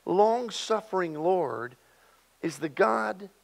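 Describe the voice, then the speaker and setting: Animated preacher man with lively pitch. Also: slow, gravelly. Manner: animated, swings from loud emphasis to hushed asides. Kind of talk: sermon.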